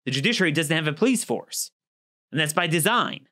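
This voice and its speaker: A man's voice: on the high side, expressive, fairly quick, sharp tone. A man giving an argumentative opinion monologue as a political commentator, emphatic and acting out quoted exchanges.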